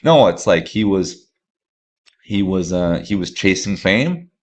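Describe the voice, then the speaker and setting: A man's voice: sits low, slow pace. A man hosting a podcast, talking casually and enthusiastically with lots of fillers and restarts. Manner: rambling, filler-heavy, enthusiastic. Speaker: podcast host.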